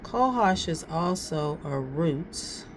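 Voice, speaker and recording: Her intonation lively and her voice a little low, a tarot reader moves slowly through a casual reading, dwelling on every card. She talks loosely with slang, repeating phrases as she reasons it out, with a faint hum of the room behind her.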